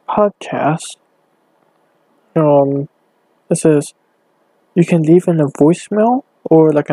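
A man's voice: a little high, warm tone, no room sound, low-quality recording. Rambling man hosting a late-night podcast. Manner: rambling and halting, thinking aloud while browsing. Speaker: podcast host. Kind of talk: casual late-night solo podcast talk.

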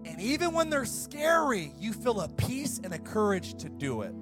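A middle-aged male pastor preaching a sermon, fired up and shouting at times, then dropping to a soft storytelling voice. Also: sits high, big pitch swings, normal speed, music in the background.

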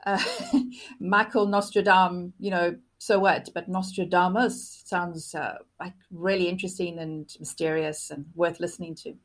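A woman's voice: fairly low pitch, flat delivery, measured pace. Give me a thoughtful woman interviewee, enthusiastic, with plenty of fillers. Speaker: futurist guest. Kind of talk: conversational interview.

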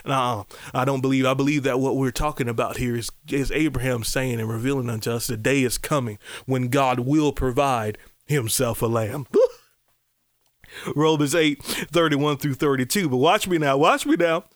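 A man preaching a podcast sermon, animated, with loud exclamations, soft asides and repeated calls to his listeners. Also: medium pitch, normal speed, dry recording, clean studio sound.

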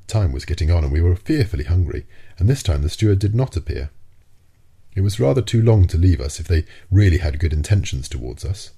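A male narrator reading a novel aloud in a measured, deliberate way. His voice is low and very dark, with a husky, slightly breathy edge. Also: big pitch swings. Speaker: audiobook narrator. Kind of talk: scripted narration.

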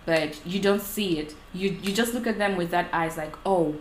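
A woman's voice: lowish voice, moderate pace. A woman in casual conversation who talks about relationships and acts out quoted exchanges with energy. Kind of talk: casual chat. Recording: echoey room with faint noise.

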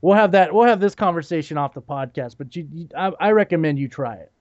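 Male podcast co-host, relaxed and chatty, a bit higher voice. Dry, lo-fi audio. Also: quick pace. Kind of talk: casual podcast chat. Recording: dull, dry lo-fi recording.

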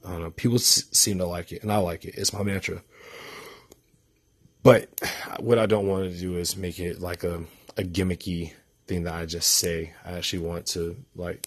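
A man's voice: low-pitched, flat delivery, fairly quick, slightly rough. A tired young man talking casually to his vlog audience at night, rambling and hesitant, with many restarts. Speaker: vlogger.

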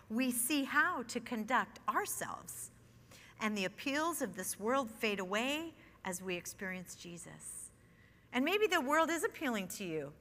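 Middle-aged woman teaching bible study, bright voice, kinda high, big echoey hall. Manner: earnest, conversational, with nervous laughs. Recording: long hall reverb.

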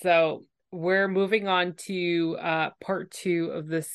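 A woman's voice: fairly low pitch, steady tone, takes it slowly, clear, resonant tone, no room sound, clean studio sound. A woman hosting a podcast, recapping a TV episode in casual, emotive chat and acting out the scenes. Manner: emotive, retells scenes with acted quotes. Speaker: podcast host.

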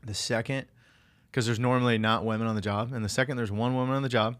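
A man in casual conversation whose voice is bright and forceful. He swears constantly and tells animated stories, slipping into the voices of people he quotes. He sounds like an everyday working guy who wants to be a comedian. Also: mid-range voice, fast. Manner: profane, animated storytelling with acted-out voices. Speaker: electrician and aspiring comedian. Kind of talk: casual chat.

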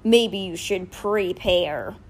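A woman voicing a giant male cheetah statue who speaks slowly, dryly and pointedly in a lowered voice. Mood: dry, stern. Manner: slow, pointed, lower delivery.

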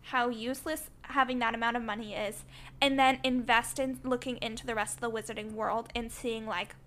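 A woman with a fairly high voice co-hosts a podcast in loose, casual discussion. She argues her points earnestly and with conviction, dropping "like" and "um" as she goes. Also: steady tone, fairly quick, a bit bright. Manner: opinionated, earnest, frequent "like" fillers. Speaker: podcast co-host.

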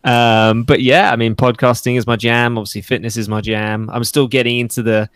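A man from England with an English accent softened by years in the US, chatting casually about his podcast and fitness work, laughing often and acting out what others say. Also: mid-range voice, little pitch movement, a little fast, clean tone, dry recording. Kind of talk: casual chat.

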